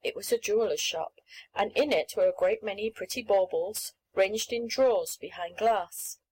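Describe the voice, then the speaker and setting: A woman reading a children's story aloud in a clear, measured storytelling manner. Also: mid-range voice, darkish tone, low-quality recording. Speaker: audiobook reader. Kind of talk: scripted narration of a children's story.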